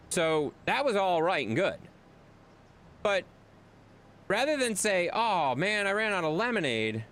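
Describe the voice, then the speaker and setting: A man's voice: a little high, fairly bright tone, a little hiss or hum. A male gaming streamer in casual live-stream chat, telling a rambling story and talking to his viewers.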